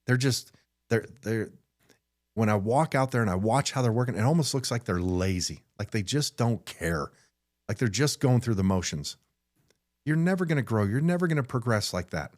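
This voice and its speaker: A man's voice: on the low side, lively intonation, normal speed, darkish tone. Blunt, frustrated middle-aged man. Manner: blunt, frustrated, repeats words when starting sentences. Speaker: podcast host. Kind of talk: unscripted motivational monologue.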